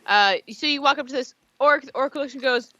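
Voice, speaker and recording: A woman's voice: high voice, a little fast, bright, forceful tone, no room sound, highs cut off. A woman narrating a tabletop game as game master, describing the scene loosely with many fillers.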